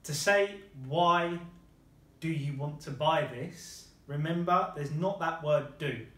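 A man's voice: a little high, slow pace, a bit bright, roomy sound. A man teaching a lesson, patiently modelling phrases and praising his student's answers. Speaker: language teacher.

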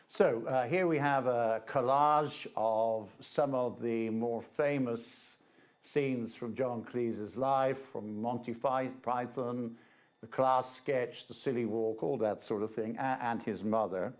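A man's voice: medium pitch, takes it slowly, darkish tone. Man giving a chatty slide-show talk. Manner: chatty, hesitant, with frequent 'uh' fillers. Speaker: guest presenter, reverend. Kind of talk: informal slide-show lecture.

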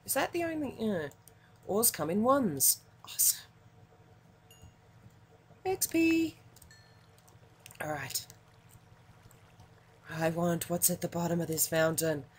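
An Australian woman commenting on her gameplay in a casual, excitable way, muttering to herself between sudden yelps. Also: lowish voice, slow pace, pauses often, slight background noise. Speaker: gaming channel host.

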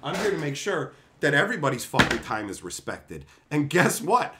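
A man's voice: fairly high pitch, very animated, normal speed, background noise. A man hosting a stream, telling stories in a blunt, profane, fiery rant. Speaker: stream host and tournament organizer. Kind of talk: heated storytelling rant.

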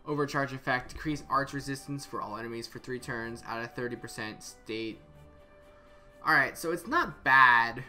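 Male game reviewer, casual and bright, middle pitch, hesitant repeats, faint music underneath. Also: normal speed. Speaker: game content creator.

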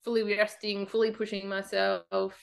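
A woman guest telling her story in a casual interview, animated, laughing often and acting out her own past thoughts. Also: mid-range voice, moderate pace, gravelly, clear, resonant tone.

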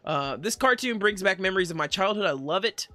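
A man's voice: sits high, expressive, brisk, a crowd in the background. A man in his thirties co-hosting a casual chat, upbeat and laughing often as he reads viewer comments and runs through lists. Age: 30s. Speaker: podcast co-host.

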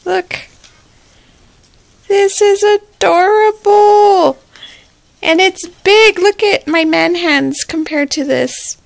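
A high-voiced woman vlogger talks through an unboxing in an unhurried, gushing way. Her voice has a gravelly fry at the ends of phrases, and she breaks into excited squeals. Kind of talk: casual unboxing chat.

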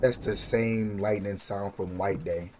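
A man with a lowish voice talks slowly and jumpily through a scary game, swearing and muttering to himself. Clicks and steady noise sit behind him on the recording. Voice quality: profane, jumpy, talks to himself. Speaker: gaming streamer. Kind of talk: casual horror game commentary.

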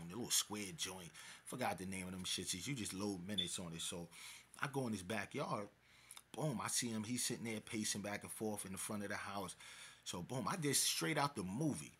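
A man casually telling a personal street story, rambling and filling pauses with "so" and "boom". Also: a bit bright, a little hiss or hum. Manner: rambling, many filler words like "boom" and "so".

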